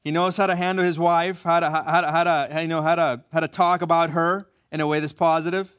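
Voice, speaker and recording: A man preaching a sermon as pastor, reading scripture slowly and softly, then speaking up for lively asides. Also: fairly high pitch, clear, resonant tone.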